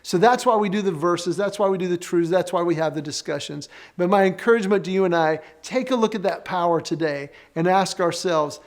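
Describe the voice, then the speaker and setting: A man's voice: high-pitched, fairly quick, hardly any pauses. A man presenting a faith-based marriage teaching session, earnest and conversational, telling stories and leading the audience through exercises.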